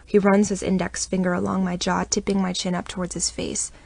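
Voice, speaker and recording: Woman reading a romance audiobook, low voice with lots of fry. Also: flat delivery, brisk, a little mellow. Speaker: audiobook narrator. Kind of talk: first-person romance audiobook narration.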